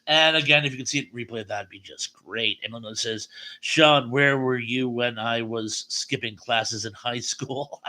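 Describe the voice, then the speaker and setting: A man's voice: mid-range voice, bright, forceful tone. A middle-aged man hosting a live stream, reading viewer comments aloud with chatty, wry asides. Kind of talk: casual chat.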